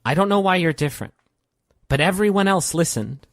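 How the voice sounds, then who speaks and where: A man voicing a calm, menacing cosmic leader. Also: sits high, fairly quick, dry recording, pitched above the performer's own voice. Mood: calm menace. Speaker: game master. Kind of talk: tabletop role-play podcast.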